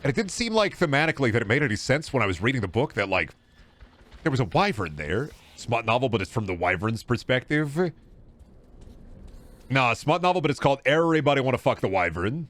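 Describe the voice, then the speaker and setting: A man's voice: mid-range voice, big pitch swings, brisk, fairly bright tone. A man streaming a game, rambling and joking with chat and swearing freely. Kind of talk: casual live gameplay commentary.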